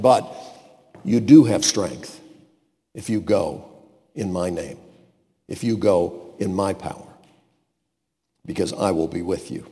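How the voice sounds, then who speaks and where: A man preaching a sermon, swinging between booming emphasis and hushed asides and acting out the voices he quotes. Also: long reverb tail.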